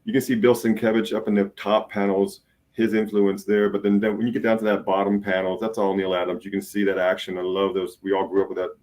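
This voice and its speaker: An easygoing man with a lowish voice walks through the art he is selling. His pitch is casual and unhurried. He sounds friendly and plain. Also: darkish tone. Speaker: comic art dealer.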